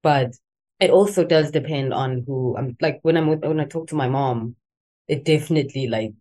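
A young woman from South Africa with a softened South African accent, chatting casually as an interview guest, rambling with many fillers. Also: extremely low pitch, normal speed. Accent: South African, softened toward American. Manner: relaxed, rambling, many "like" fillers, laughs easily. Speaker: guest, musician.

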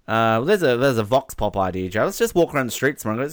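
A man's voice: medium pitch, big pitch swings, quick pace, few pauses, no room sound, clean studio sound. A young man hosting radio, chatting casually and reading listener messages with teasing asides. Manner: amused, laughs often, teasing asides. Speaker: radio host.

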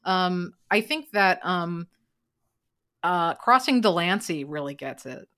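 A woman hosting a casual podcast chat, rambling with fillers and bursting into loud quoted lines. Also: on the low side, lively intonation, takes it slowly. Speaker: podcast host.

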